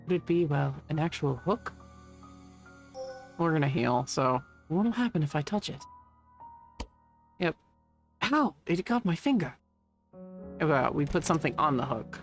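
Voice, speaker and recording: A woman streams a game, commenting on her play in a fairly low voice that's wry and a bit sweary, reading the on-screen text aloud as she goes. Quiet game music plays faintly in the background.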